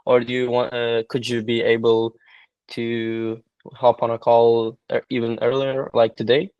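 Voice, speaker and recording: A man's voice: mid-range voice, monotone, measured pace, clear, resonant tone, dry recording, muffled recording. A man from Lithuania with a Lithuanian accent, a trainee doing a hesitant sales call role play. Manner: hesitant, many fillers.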